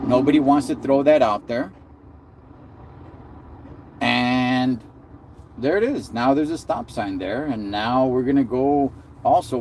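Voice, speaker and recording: A man's voice: mid-range voice, darkish tone, slight background noise. A man hosting a live stream, ranting in a heated, sarcastic way with slang and lots of repeated words.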